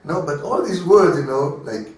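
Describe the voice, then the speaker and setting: A rabbi with a Hebrew accent giving an informal Torah class in English, halting and repeating words as he searches for terms, and often chuckling as he explains. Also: fairly high pitch, lively intonation, darkish tone. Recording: echoey room, speaker far from mic.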